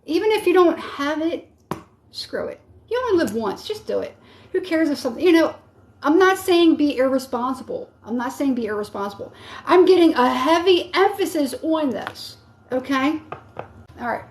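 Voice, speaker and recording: A woman's voice: high-pitched, big pitch swings, normal speed. A woman giving a live tarot reading in a casual, encouraging, rambling way with many fillers. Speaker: tarot reader.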